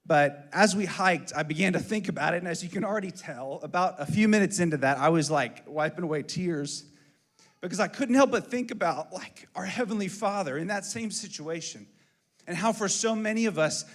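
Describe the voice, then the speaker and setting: Conversational pastor telling a story. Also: male voice, high voice. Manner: conversational, hesitant with fillers and restarts. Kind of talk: storytelling sermon.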